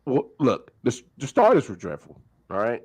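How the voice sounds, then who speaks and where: Man, sports show host, lively up-and-down delivery with frequent hesitations. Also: mid-range voice, moderate pace, breathy edge. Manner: animated, hesitant with many fillers. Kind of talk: casual sports talk.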